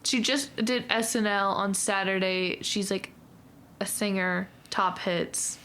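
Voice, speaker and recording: A woman's voice: medium pitch, fairly even intonation, slow, fairly bright tone. Young woman book club host, giggly, gushy, says like a lot, super casual. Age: young adult. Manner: giggly, gushing, lots of "like". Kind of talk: casual chat.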